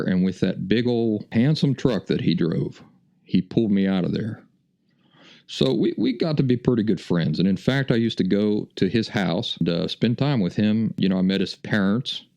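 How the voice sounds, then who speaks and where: A man's voice: fairly low pitch, creaky, a little mellow, muffled recording. A middle-aged man hosting a podcast, telling a personal story in a folksy, chuckling, casual way. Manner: folksy, chuckling anecdotal delivery. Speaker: podcast host.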